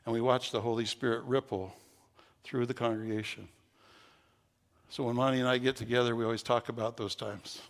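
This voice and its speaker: A pastor tells his congregation a story during a sermon and leads them in prayer, getting loud and excited as the story climaxes. His voice is medium-pitched with vocal fry, and his pace is brisk.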